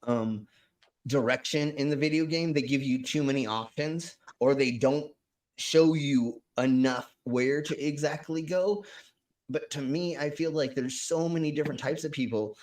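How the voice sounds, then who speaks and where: A man's voice: fairly high pitch, moderate pace, a little mellow. A man hosting a live stream, chatting casually in a rambling, profane way with many restarts and fillers. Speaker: stream host. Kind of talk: casual chat.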